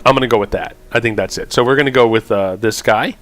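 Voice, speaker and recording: A man hosting a let's play, chatting casually and reading game text aloud, thinking out loud and stumbling over unusual words. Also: mid-range voice, fast, soft background music.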